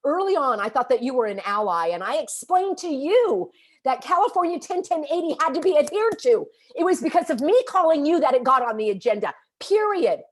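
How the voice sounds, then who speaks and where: A woman vlogger ranting to camera, upset and agitated, scolding and calling people out with emphatic indignation. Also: high voice. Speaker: vlogger and activist. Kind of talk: impassioned direct-to-camera rant.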